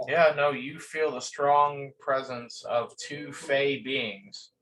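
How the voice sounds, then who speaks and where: Steady game master, measured narration, off-mic. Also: medium pitch. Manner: calm, measured scene-setting. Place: room at a gaming table. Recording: distant from the mic.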